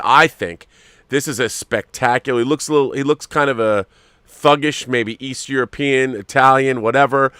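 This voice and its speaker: A man's voice: medium pitch, a bit bright, clean tone, no room sound. A man hosting a casual chat, musing and hesitant as he talks, with plenty of fillers. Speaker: host. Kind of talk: casual chat reviewing collectible figures.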